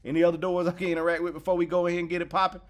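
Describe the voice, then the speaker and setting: A young man casually commenting on a horror game, slangy and jokey, yelping when startled and mumbling low when nervous. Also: little pitch movement, rapid-fire, slight background noise. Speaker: gaming YouTuber. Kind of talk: casual let's-play commentary.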